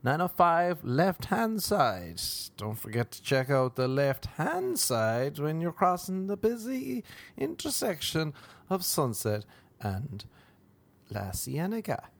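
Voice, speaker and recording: A man's voice: fairly high pitch, huge pitch swings, slow pace, vocal fry. A man hosting a podcast in a rambling, jokey monologue, breaking into made-up jingles. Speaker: podcast host.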